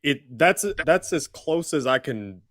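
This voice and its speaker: A man's voice: fairly high pitch, animated, measured pace, fairly bright tone, no echo, clean studio sound. A man co-hosting a live stream, rambling and joking at his own expense. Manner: rambling, self-deprecating. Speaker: stream co-host. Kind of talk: casual live stream chat.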